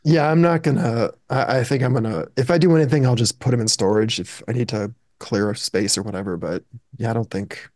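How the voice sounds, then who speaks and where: A man's voice: mid-range voice, a little fast, darkish tone, dry recording, studio quality. A man, a regular on a podcast, telling a rambling, casual story with many restarts. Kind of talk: casual chat.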